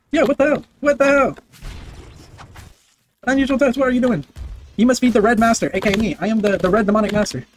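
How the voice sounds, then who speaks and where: A man giving loud, excitable gameplay commentary, full of brash trash talk, swearing and repeated barked commands. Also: extremely high pitch. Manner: barks repeated commands and chants. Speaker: gaming video creator.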